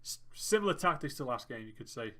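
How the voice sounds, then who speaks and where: A man's voice: mid-range voice, very animated, fast, pushed and bright. A young man commentating his own football management game, groaning and cheering as the match plays out. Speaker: gaming YouTuber. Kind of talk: let's play commentary.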